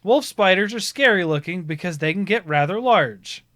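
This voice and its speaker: A man hosting a casual live-streamed chat, telling stories with a lively, swooping voice. He breaks into loud shouts and laughter at the funny parts. The sound is close and dry, with no room around it. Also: high voice, moderate pace, no echo. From Ohio. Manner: animated storyteller, swings into loud laughing shouts. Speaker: podcast host.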